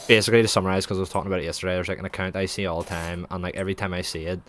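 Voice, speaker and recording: A man's voice: low voice, little pitch movement, very fast, fairly bright tone, low-quality recording. A young man, rambling and swearing through casual stories while streaming a game. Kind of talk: casual chat while gaming.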